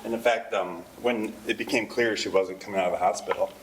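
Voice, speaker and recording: A man's voice: fairly low pitch, steady tone, a little fast, a little hiss or hum, poor audio. A middle-aged man telling family stories at a memorial service in a conversational, rambling way. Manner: rambling, conversational, with frequent fillers and laughs. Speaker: eulogist. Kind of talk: memorial speech with anecdotes.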